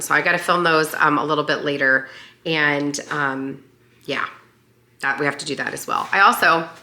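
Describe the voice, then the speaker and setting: Hoarse young woman, raspy deep voice, bright forceful tone, chatty vlog talk, lots of fillers. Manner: chatty, upbeat, many fillers. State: hoarse, voice partly lost. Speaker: lifestyle vlogger. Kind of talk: casual vlog chat.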